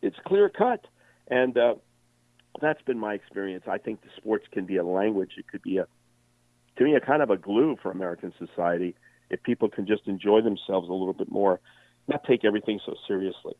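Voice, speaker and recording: A man in his sixties, a veteran sports broadcaster, telling animated stories as a guest in an interview. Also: on the low side, fairly quick, no echo. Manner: animated storyteller with many voices. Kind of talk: storytelling interview. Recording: tinny phone line.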